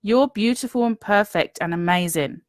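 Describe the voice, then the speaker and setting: A woman's voice: mid-range voice, moderate pace, no room sound. A woman, giving an earnest, encouraging motivational talk to viewers and often checking in with "okay?". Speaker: business coach.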